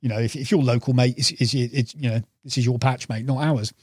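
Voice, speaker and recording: This carp angler guesting on a podcast wanders through fishing anecdotes, casually interviewed and referring to the host as "mate". His medium-pitched, darkish voice is brisk with fairly even intonation, recorded in studio quality without room sound.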